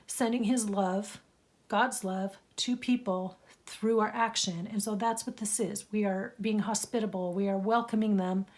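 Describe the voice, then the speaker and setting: A woman hosting a craft journal vlog, speaking in an earnest, slow and heartfelt way and reading a scripture passage. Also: medium pitch, a little mellow.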